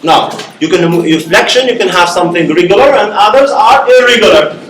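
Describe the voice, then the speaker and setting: High-voiced male lecturer in an echoey room. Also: lively intonation, fairly quick, a bit bright, a little hiss or hum. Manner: explains step by step with many okays and rhetorical checks. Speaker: university lecturer. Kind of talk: classroom lecture. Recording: echoey classroom.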